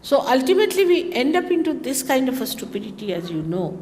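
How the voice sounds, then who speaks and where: A woman's voice: sits high, big pitch swings, fast talker, a little mellow, big-room sound, a little hiss or hum. A woman from India with an Indian accent, a spiritual teacher giving a chatty talk to her followers, full of anecdotes and wry asides. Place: large hotel hall.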